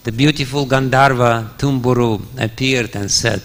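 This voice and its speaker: A man's voice: a little high, a little slow, sharp tone. A man preaching a scripture story in a temple hall, chuckling often and using many fillers. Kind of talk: storytelling sermon.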